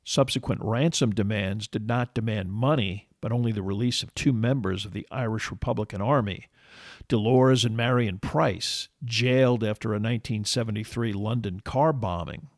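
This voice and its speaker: A man narrating a history podcast in a measured, steady scripted read. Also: on the low side, dry recording, studio quality.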